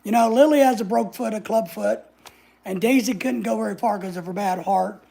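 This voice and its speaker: This vlogger's voice is mid-range, brisk, creaky and dark as she tells a story in a casual vlog. Sassy and blunt, she swears freely and performs the lines of the people in her story.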